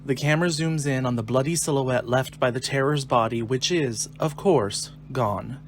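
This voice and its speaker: A man narrating the stage directions of a screenplay reading in a clear, measured way. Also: medium pitch, a little hiss or hum.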